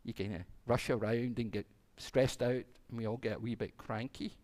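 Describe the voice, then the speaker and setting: A man's voice: mid-range voice, fairly even intonation, moderate pace, darkish tone. A man, a minister telling a playful children's story during a church service and acting out the animals.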